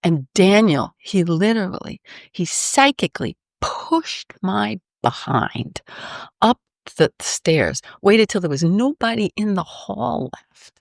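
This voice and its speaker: A woman's voice: mid-range voice, slow, creaky, dry recording, clean studio sound. A woman guest on a podcast, a vocal artist, telling a story animatedly and laughing often between sentences. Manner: lively, laughs often mid-sentence, acts out her own reactions. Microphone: podcast microphone.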